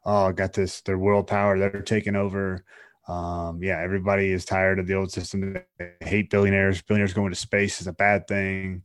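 A man's voice: sits low, level tone, moderate pace, clean tone, no echo, clean studio sound. A man co-hosting a podcast, talking loosely and casually, full of fillers. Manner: loose, talkative, peppered with "like" and "uh". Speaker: podcast co-host.

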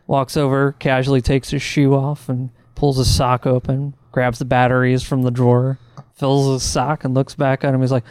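A man chatting on a podcast, reacting quickly and spinning jokes. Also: medium pitch, completely flat delivery, darkish tone, smooth, no room sound. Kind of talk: casual chat.

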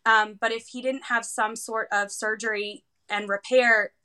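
A woman with a bright, clear tone and a somewhat high voice tells a long personal story in an interview. She is animated and often pauses on fillers. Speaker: guest, heart patient's parent.

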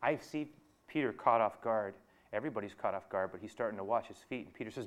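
A man's voice: fairly low pitch, fast, slight background noise. A male preacher giving a conversational sermon, telling the story with animation, chuckling and speaking straight to his listeners.

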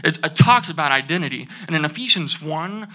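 A young adult student delivers an earnest sermon, repeating key phrases and asking the audience to say them back. The voice is medium-pitched, animated, a little fast, and sharp in tone.

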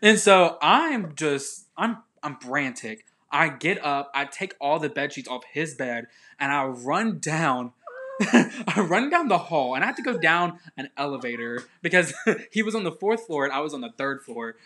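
A young man from the southern United States, chatting casually as a podcast co-host and telling an animated, rambling story with laughs. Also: a little high, measured pace, a little hiss or hum.

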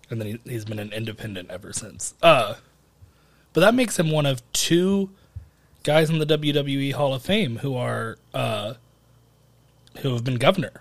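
A man co-hosting a casual podcast, joking and laughing often and thinking out loud as he goes. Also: medium pitch, no echo. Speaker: podcast co-host.

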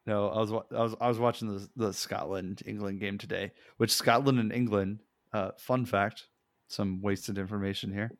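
A man's voice: on the low side, fairly even intonation, moderate pace, no echo, studio quality. A man chatting casually on a podcast, rambling and laughing often, swearing freely. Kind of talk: casual chat.

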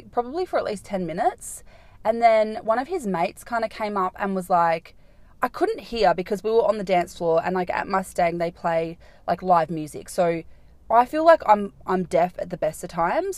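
A woman's voice: on the low side, no echo. A young woman, hosting a podcast and telling a rambling night-out story, packed with "like" fillers and swearing. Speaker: podcast host. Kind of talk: casual storytelling monologue.

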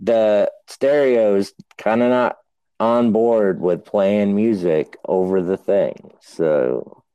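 Slow, low-voiced man. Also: clear, resonant tone, dry recording, highs cut off. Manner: unhurried, jokey, swears freely. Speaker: podcast host. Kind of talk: casual chat.

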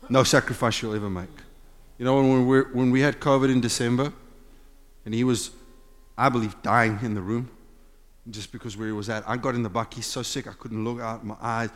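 A man preaching a sermon as a pastor, impassioned, swinging between loud urging and hushed, intimate talk in a church sanctuary. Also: mid-range voice, level tone, a little fast. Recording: long hall reverb with faint music.

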